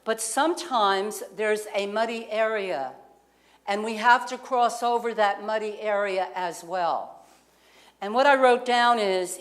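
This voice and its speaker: A woman minister speaks unhurriedly in a medium-pitched voice, giving a sermon in a community center lounge. She tells a personal story in a conversational manner and asks the congregation questions.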